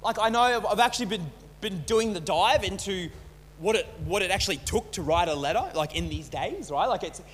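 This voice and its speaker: High-voiced pastor in a reverberant hall. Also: male voice, lively intonation, fairly quick. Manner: casual, repeats and restarts words. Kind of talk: conversational sermon. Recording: long hall reverb, faint hum.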